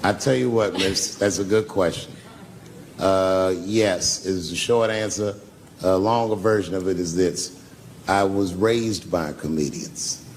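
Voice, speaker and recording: Male stand-up comic on a club stage, gravelly voice, profane and loose storyteller. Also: low voice, measured pace, a little hiss or hum. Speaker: stand-up comedian. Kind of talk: stand-up routine. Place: comedy club stage with live audience.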